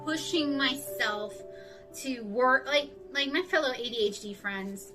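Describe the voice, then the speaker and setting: A woman's voice: high voice, a little slow, distant mic, over music. Candid Southern woman vlogging from afar. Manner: candid, rambling, self-reflective. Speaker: artist vlogger. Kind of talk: casual talk to camera.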